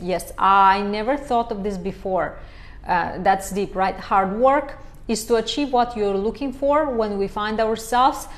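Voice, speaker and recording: A woman life coach from Romania, hosting a livestream chat and reading out viewer comments in an effusive, enthusiastic way. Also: on the high side. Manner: effusive, warmly enthusiastic, repeats praise words.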